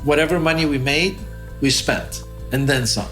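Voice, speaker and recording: A man from Iran sharing his personal story in a reflective, halting way with many fillers. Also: fairly high pitch, music in the background. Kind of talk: testimonial interview.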